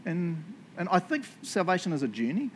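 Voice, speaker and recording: A man's voice: high voice, very animated, moderate pace, slight background noise. A man preaching a casual sermon, joking often and asking "right?" after points. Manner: chatty, joking, tag questions. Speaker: pastor.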